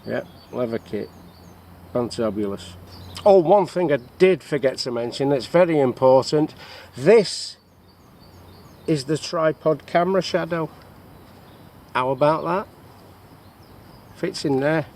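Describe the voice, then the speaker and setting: Relaxed man showing his kit outdoors. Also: fairly high pitch, measured pace, pauses often, slight background noise. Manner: relaxed, rambling, with frequent fillers. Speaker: bushcraft vlogger. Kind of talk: casual show-and-tell of gear. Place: outdoors in the countryside.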